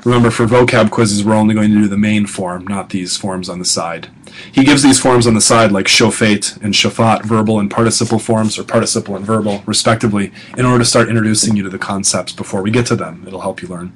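A man with a fairly low voice leads a recorded lesson like a professor talking to his class. He repeats each vocabulary word slowly and drops casual, offhand asides between the terms. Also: fairly even intonation, a little hiss or hum, poor audio. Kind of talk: recorded lecture guide.

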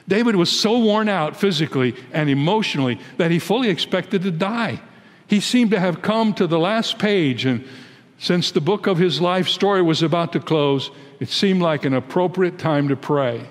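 An American man in his eighties, a pastor giving an emphatic, deliberate sermon in a large church. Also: on the high side, animated, long reverb tail. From United States. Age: 80s. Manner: emphatic, deliberate preaching that rises into pleading when quoting prayers.

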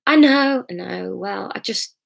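A woman's voice: medium pitch, animated, unhurried, creaky. A woman reading the lines of an anxious young woman weighed down by guilt. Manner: tense, anxious.

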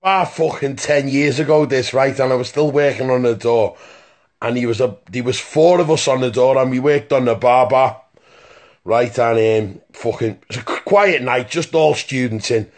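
A man's voice: mid-range voice, normal speed. A man telling a rambling, profane story in a phone voice message, stopping often to ask "right?". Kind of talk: casual voice-note anecdote.

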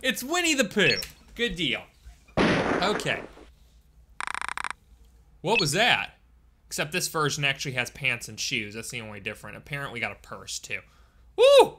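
A man's voice: a little high, noisy background. A man streaming a video game, chatting casually and joking as he plays and eats. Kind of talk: casual gameplay commentary. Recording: loud game music behind.

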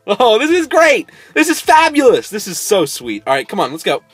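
A man giving casual let's-play commentary, coaxing animals and bursting into sudden excited squeals. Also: high voice, moderate pace, husky, no room sound, faint music behind. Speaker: gameplay host.

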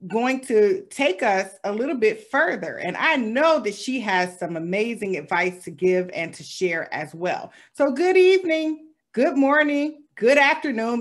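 A woman hosting a talk show, thanking speakers and formally introducing the next guest. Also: mid-range voice. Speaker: host.

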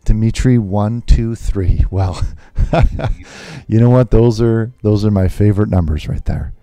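A man playing a nervous televangelist host on a call-in show, talking haltingly with many fillers and restarts. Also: lowish voice, mellow, no echo. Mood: flustered.

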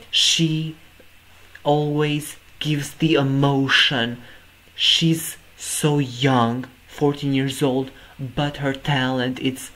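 This is a low-quality clip of a man hosting a music reaction video. His medium-pitched voice has a fairly bright tone as he raves about the performance. He exclaims "oh my god" repeatedly, clearly amazed.

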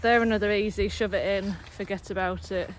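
A woman's voice: medium pitch, steady tone, fairly quick, rough recording. Easygoing woman outdoors. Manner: chatty, easygoing plant descriptions. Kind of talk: casual chat. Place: outdoors in a rural garden. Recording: outdoor recording with faint noise.

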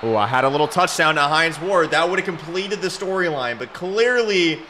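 A man giving live commentary over a football video game, excitable and trash-talking, shouting at his players. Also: on the high side, normal speed, slight background noise. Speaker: gaming YouTuber.

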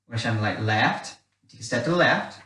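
A man's voice: medium pitch, animated, a little fast, bright, forceful tone. A man leading a children's church game, chatty and giving instructions. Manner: chatty, instructional, repeats "wee". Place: dark church hall. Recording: echoey room, mic far off.

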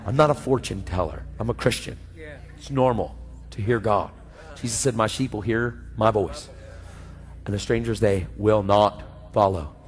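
A man's voice: on the low side, normal speed. Slangy preacher man in an echoey church. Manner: animated storytelling, slangy, acting out dialogue. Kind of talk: storytelling sermon. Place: church sanctuary. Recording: church hall reverb with faint music.

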